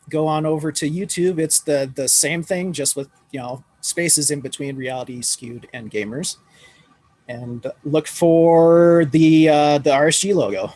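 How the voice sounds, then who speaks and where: A man from Ireland talks as a podcast guest, his voice sitting a touch high. He is easygoing and laughs often. The sound is dry and close. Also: a little mellow, dry recording. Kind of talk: casual chat.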